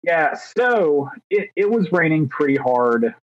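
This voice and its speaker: With a fairly high, sing-song voice at a slow pace, a thirty-year-old man co-hosts a podcast. He chats casually, telling rambling stories at his own expense with many fillers, and the mic sounds dry and a touch dull.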